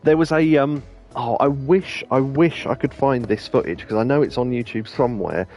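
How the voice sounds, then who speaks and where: A man's voice: mid-range voice, moderate pace, darkish tone, dull audio, soft background music. A man chatting casually over gameplay, rambling through stories with many restarts and laughs. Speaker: let's play host.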